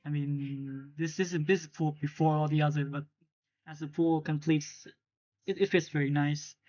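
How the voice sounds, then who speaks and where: A person casually presenting tournament maps on a live stream, halting and repeating words. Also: mid-range voice, fairly even intonation, a little mellow, dull audio, soft background music. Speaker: tournament mappool showcaser.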